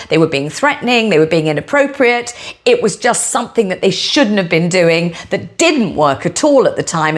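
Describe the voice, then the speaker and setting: A woman host giving her opinion in a monologue, stressing key words and stretching them out. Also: on the low side. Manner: lively storytelling delivery.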